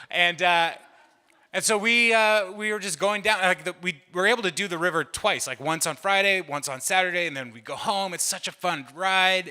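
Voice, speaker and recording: A middle-aged man doing stand-up, telling a chatty, self-mocking story that builds to loud bursts. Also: fairly high pitch, clear, resonant tone. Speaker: stand-up comedian. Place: church hall. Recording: live room with long reverb.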